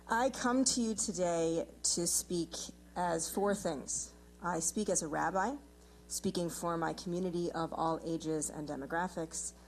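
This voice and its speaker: Woman rabbi speaking at a public hearing, really low voice for a woman, calm with a bit of humor, faint hum behind. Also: rough recording. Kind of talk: public statement at a committee hearing.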